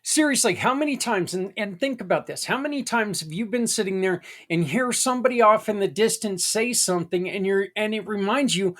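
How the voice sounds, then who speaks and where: This middle-aged podcast host has a high-sitting, somewhat bright voice and moves fairly fast, rarely pausing. His casual, folksy delivery rambles and is peppered with asides.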